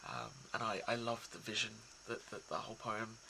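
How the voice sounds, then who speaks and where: A man talking casually and reflectively to his viewers, soft and hesitant, with many pauses and restarts. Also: lowish voice, very animated, creaky, noisy background. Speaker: poetry reader.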